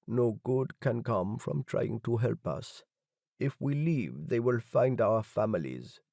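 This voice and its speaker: A man voicing a fearful old male factory worker who pleads slowly. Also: mid-range voice, expressive, gravelly, warm tone, no room sound, studio quality.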